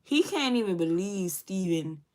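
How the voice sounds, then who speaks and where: A woman's voice: medium pitch, expressive, unhurried. A woman in her thirties telling a story casually to her viewers while doing her makeup, talking straight to them and cursing freely. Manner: chatty, addresses viewers as y'all, profane. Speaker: beauty vlogger.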